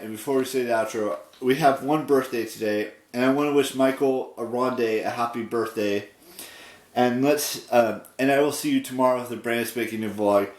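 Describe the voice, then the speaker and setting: A man in his thirties chatting casually in his daily vlog, halting and stopping to spell words out letter by letter. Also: medium pitch. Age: 30s. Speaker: daily vlogger. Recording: roomy echo, distant from the mic.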